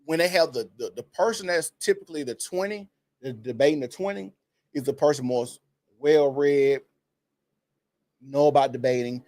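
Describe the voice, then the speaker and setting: A man's voice: fairly high pitch, normal speed, darkish tone, dry recording. A man co-hosting a podcast, laid-back and opinionated. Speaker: podcast co-host. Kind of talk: casual commentary chat.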